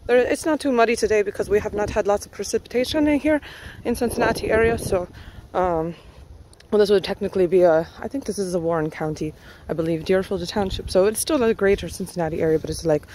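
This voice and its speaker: A vlogger with a mid-range, slightly mellow voice gives a rambling neighborhood tour in a put-on Spanish accent, recording on a handheld phone as she walks outdoors around a pond in a housing development. She's chatty and thinks aloud with lots of fillers, and the rough recording has a little hiss or hum.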